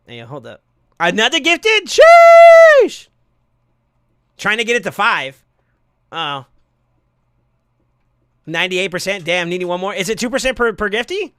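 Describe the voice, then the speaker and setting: A man streaming live, casually chatting and thanking viewers, excitable with sudden yells, his voice going hoarse from yelling. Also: high voice, fast talker, few pauses, no room sound.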